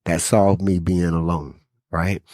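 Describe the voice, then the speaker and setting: Man, very deep voice, podcast host, emphatic relaxed talk, dry close mic. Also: slow pace, no echo.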